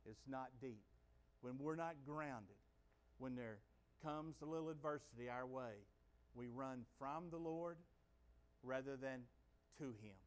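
A middle-aged male pastor preaching a folksy sermon, by turns quiet and conversational and loud and excited. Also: medium pitch.

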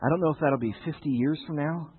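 A man's voice: fairly high pitch, fast talker, breathy edge, in a large hall, narrow, tinny audio. A male pastor preaching a sermon, telling stories with jokes for the congregation.

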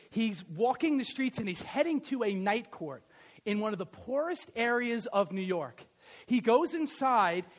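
A pastor with a high voice delivers a sermon, shifting between loud, emphatic lines and quiet, conversational asides. Those asides carry fillers and self-corrections.

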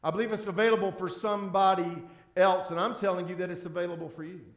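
High-voiced pastor preaching in an echoey hall. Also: male voice, fairly even intonation, quick pace. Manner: emphatic, swings between loud and hushed; drags out key words, repeats for emphasis. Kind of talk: sermon. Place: church sanctuary before a congregation. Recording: echoey room.

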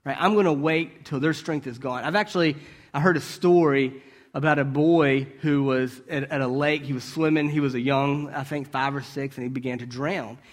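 A man's voice: medium pitch, steady tone, moderate pace. A man giving a conversational sermon, asking rhetorical questions and checking in with his listeners. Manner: storytelling with brief restarts. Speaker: preacher.

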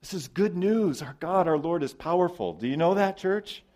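A man preaching a sermon as pastor, emphatic, with loud stresses, quiet drops and repeated words. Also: sits high, lively intonation, moderate pace.

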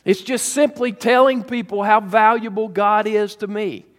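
A man preaching a sermon as pastor, emphatic and drawn out, with pauses to let points sink in. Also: sits high, steady tone, fairly bright tone, long reverb tail.

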